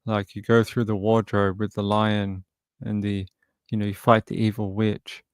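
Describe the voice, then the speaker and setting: A man's voice: on the low side, little pitch movement, normal speed, smooth, no room sound, studio quality. A man hosting a true crime live stream, chatting casually with viewers in a joking, rambling way. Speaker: true crime livestream host.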